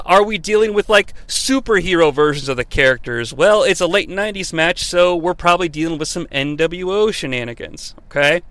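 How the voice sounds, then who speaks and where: A man's voice: high voice, bright, forceful tone, no room sound. An American man hosting a comedic wrestling review show, rambling and profane, with a mock-formal tone. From United States.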